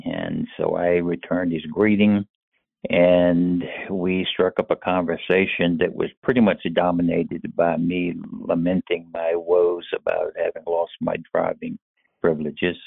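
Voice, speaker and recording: An older man from North Carolina telling a personal story in a slow, measured way. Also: low-pitched, level tone, gravelly, husky, no echo. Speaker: caller sharing a personal story. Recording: tinny phone-line recording.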